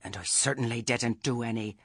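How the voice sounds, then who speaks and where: A man voicing a stern old witch woman who speaks meekly and quietly, with menace under it. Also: a bass voice, steady tone, a little fast, breathy edge, no echo, studio quality. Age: older. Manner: meek, soft-spoken, understated.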